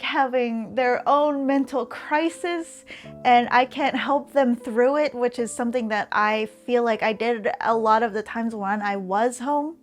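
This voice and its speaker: A woman in her thirties from Canada, talking casually and candidly in a vlog, often laughing between phrases. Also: on the high side. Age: 30s. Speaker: streamer and vlogger.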